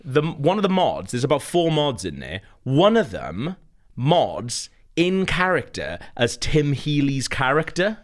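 A man's voice: medium pitch, wildly swooping pitch, unhurried. Rambling, laughing man in casual chat. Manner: rambling, laughs often, stirs the pot. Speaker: podcast co-host.

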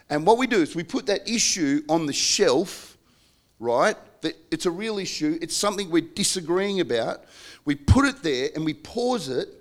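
A middle-aged man preaching an earnest sermon on marriage, acting out quarrels between spouses in sudden shouted bursts. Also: fairly high pitch. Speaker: pastor.

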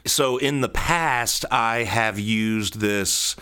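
A man's voice: on the low side, extremely slow, pushed and bright, clear, resonant tone. Chatty man hosting a home podcast. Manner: chatty, jokey, rambling asides. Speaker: podcast host. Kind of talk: casual solo podcast monologue. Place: home studio office with sound panels. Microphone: studio microphone on a stand.

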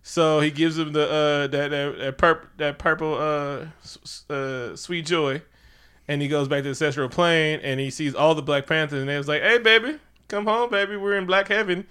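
Bright, clear-voiced man recapping a movie. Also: fairly high pitch, moderate pace. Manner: animated, laughs often, acts out characters' lines in voices. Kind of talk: casual movie recap chat.

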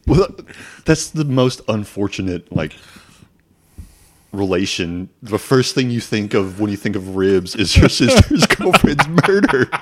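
A man with a fairly low voice chats casually as a podcast co-host. He tells his stories with frequent swearing and breaks into laughter often. His delivery is loose and unscripted. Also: big pitch swings, measured pace. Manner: profane, laughing storyteller. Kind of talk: casual chat.

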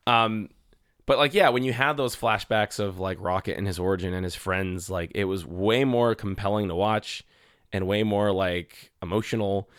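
A young man chatting on a podcast, excitable and foul-mouthed, slipping into voices to act out scenes. His tone is bright and smooth. The sound is dry and close to the mic. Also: on the low side, normal speed, no echo. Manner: excitable, swears a lot, acts out scenes in quoted voices. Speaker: podcast co-host. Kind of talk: casual chat about a film.

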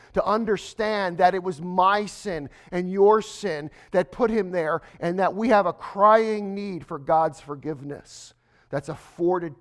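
A man preaching a sermon to a congregation, dropping to a hush and then building to slow, emphatic lines. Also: on the high side. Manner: swings from hushed to emphatic, slows for stress. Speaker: pastor.

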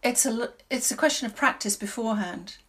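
A woman's voice: fairly high pitch, a bit bright. Thoughtful woman actress. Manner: thoughtful, halting, many restarts. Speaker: stage actress. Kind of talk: interview answers.

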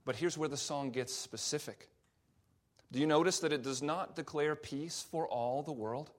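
A man, a pastor, preaching a sermon and explaining scripture with frequent fillers and restarts. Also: on the high side. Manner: reads scripture aloud slowly.

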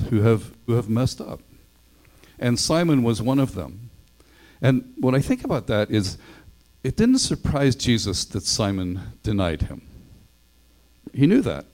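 A man's voice: lowish voice, a little mellow, low-quality recording. A male pastor preaching a sermon in a conversational way, acting out the voices of the people he quotes.

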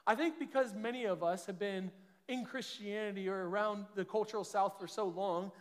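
High-voiced preacher in an echoing hall. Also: male voice, steady tone. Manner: earnest, conversational preaching with quick restarts. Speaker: pastor. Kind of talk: sermon.

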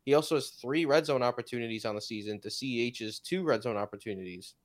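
A man's voice: mid-range voice, fast talker. A man co-hosting a fantasy football podcast, running through stats and teasing his co-host. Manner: teasing, stat-driven. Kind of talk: casual fantasy football analysis.

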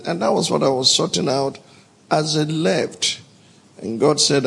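A man's voice: fairly high pitch, normal speed, creaky, breathy edge. A man preaching a sermon, emphatic and calling out to the congregation for responses. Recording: long hall reverb.

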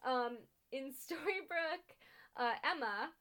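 A woman's voice: high voice, takes it slowly, sharp tone. A young woman co-hosting a podcast, recapping a TV episode in casual chat with frequent ums, laughs and blunt swearing. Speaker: podcast co-host.

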